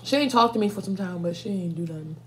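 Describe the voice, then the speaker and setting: A young woman vlogger telling a storytime with lively, profane chatter aimed straight at her viewers. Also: on the low side, fast. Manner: animated, profane, talks to viewers as y'all. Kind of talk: casual storytime while eating.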